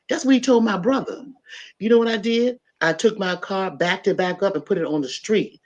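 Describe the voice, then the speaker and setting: A woman's voice: mid-range voice, normal speed. Middle-aged woman, casual podcast host, emphatic storytelling, dull lo-fi sound. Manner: animated, emphatic storyteller, addresses listeners as y'all.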